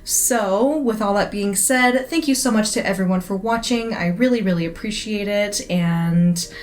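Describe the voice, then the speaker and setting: A woman's voice: mid-range voice, normal speed, slight background noise. A woman giving a chatty, enthusiastic casual review, with many fillers. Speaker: absinthe reviewer.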